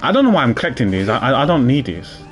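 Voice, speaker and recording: While streaming a game, a man chats in a rambling, casual way, repeating himself and chuckling. His medium-pitched voice is very animated and racing, over faint background music.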